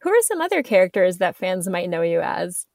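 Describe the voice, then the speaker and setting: A woman's voice: lowish voice, big pitch swings, a little fast, creaky, a little mellow, no echo, clean studio sound. A woman co-host asking admiring interview questions.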